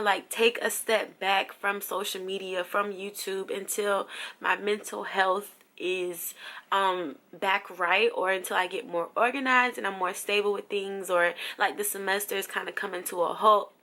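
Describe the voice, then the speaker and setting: A woman's voice: mid-range voice, sharp tone. A young woman from New Jersey talking through a personal update in a casual, emotional vlog, full of fillers. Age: young adult. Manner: chatty, lots of fillers, emotional. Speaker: vlogger.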